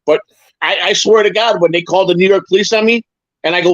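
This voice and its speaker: A man's voice: high-pitched, fast, a bit bright, no echo. A man chatting casually on a live stream, rambling through stories and stumbling over repeated words. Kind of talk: casual chat. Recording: dull lo-fi sound.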